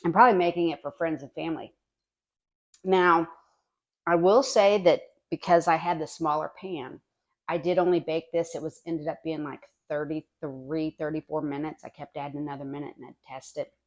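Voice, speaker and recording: Lady with a real low voice doing a homey baking vlog, chatty, tastes as she talks, in her kitchen. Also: steady tone, moderate pace. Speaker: home cooking vlogger. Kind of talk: casual cooking demonstration. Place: home kitchen.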